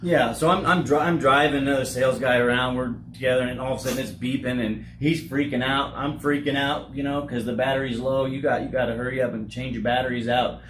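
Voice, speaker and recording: Man in his forties, halting, earnest, echoey room, background noise. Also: mid-range voice, fairly even intonation, a bit bright. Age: 40s. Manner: halting, repeats words, earnest. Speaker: roofing company owner. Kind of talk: candid interview.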